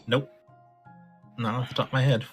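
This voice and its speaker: A man's voice: medium pitch, little pitch movement, normal speed, over loud music. A man playing a tabletop game, chatting casually and hesitantly, stammering. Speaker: player. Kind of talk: casual chat.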